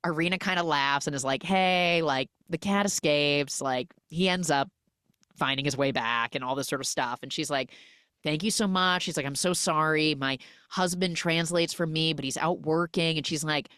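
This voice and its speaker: A woman with a notably low voice recaps a movie scene by scene, slipping into lively quoted voices for each character. Her speech sounds dry and close, with no room around it. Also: normal speed, clean tone, no room sound. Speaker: podcast host recapping a film. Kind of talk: animated casual retelling.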